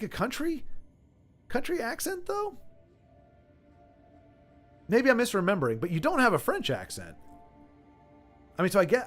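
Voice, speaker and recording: Rambling chatty male streamer. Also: high voice. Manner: rambling, chatty, reads chat messages aloud. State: voice a little worn. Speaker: livestream host. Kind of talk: casual livestream chat.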